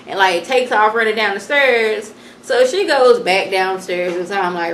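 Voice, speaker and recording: A woman giving a casual, animated recap of a TV episode and acting out the characters' lines. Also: medium pitch, a little slow. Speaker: vlogger reviewing a TV episode. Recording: echoey room, faint noise.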